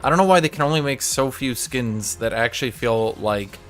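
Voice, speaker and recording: A man in a middle register talks loosely while he plays, working things out out loud. He keeps turning to his chat with quick questions, and soft game music hums behind him. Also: mid-range voice. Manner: thinks aloud, asks chat questions. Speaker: game streamer. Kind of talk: casual live-stream chat while playing.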